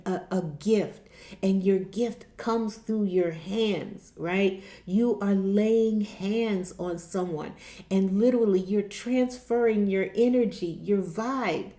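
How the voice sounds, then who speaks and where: A woman's voice: mid-range voice, warm tone. Earnest woman in an echoey room. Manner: repetitive, earnest, restarts often. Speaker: spiritual vlogger. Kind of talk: casual spiritual talk to camera.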